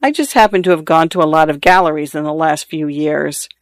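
A man reading a short story aloud and voicing a gentle, patient wife who pleads softly. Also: a little high, fairly quick, no room sound, clean studio sound, natural voice. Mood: gentle pleading.

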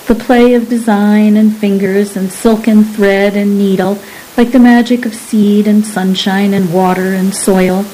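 A woman reading a story aloud at a measured, unhurried pace, as an audiobook narrator. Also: mid-range voice, level tone, dark tone, a little hiss or hum, poor audio.

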